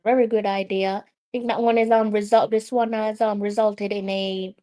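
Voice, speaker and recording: A woman with a Jamaican accent hosting a live football watch-along, excitable and argumentative, often repeating her complaints at the officials. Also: medium pitch, normal speed. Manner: excitable, argues with the referee, repeats herself.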